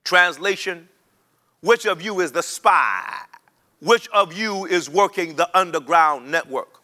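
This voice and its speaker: A man's voice: high-pitched, slow, sharp tone. A man preaching a sermon to a broadcast audience, reading scripture and repeating phrases for emphasis as he leads listeners to say lines back. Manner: repeats phrases for emphasis, builds to rising chanted intensity; leads the listeners in call-and-response.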